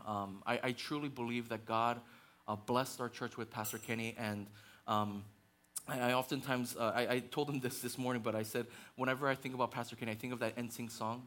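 A man preaching a sermon as pastor, passionate and conversational, with fillers and restarts, building to intense peaks. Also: medium pitch. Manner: passionate, rising to near-shouting intensity.

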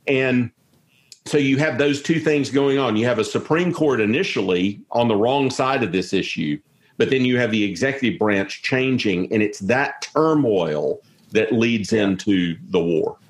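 A man's voice: mid-range voice, animated, a little slow. A man, an interview guest talking in a rambling way with many restarts. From South Carolina, US. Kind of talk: conversational interview.

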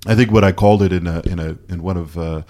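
A man from Canada being interviewed, talking candidly and haltingly, restarting his sentences as he questions himself. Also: sits low, fairly even intonation, warm tone. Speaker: photographer guest. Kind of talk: casual interview conversation.

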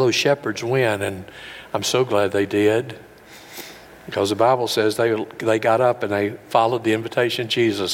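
A man preaching a sermon as pastor, folksy and earnest, building up to loud, high peaks. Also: big-room sound, a little hiss or hum. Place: large room with an audience.

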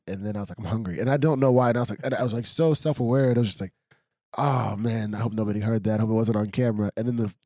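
A young man tells stories at a quick clip in a casual interview, his low voice dark and mellow. He slips into lively acted-out quotes as he goes. The sound is dry and close. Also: dry recording. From United States, raised by Congolese immigrant parents. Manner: animated storyteller acting out quotes. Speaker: professional fighter, interview guest.

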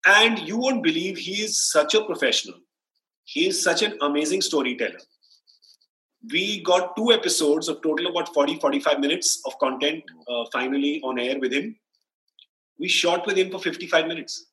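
Indian male sports anchor, bright tenor, quotes people in voices, roomy echo. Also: on the high side, moderate pace. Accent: Indian English. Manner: animated anecdotes, acts out quotes, laughs often. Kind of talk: casual storytelling interview.

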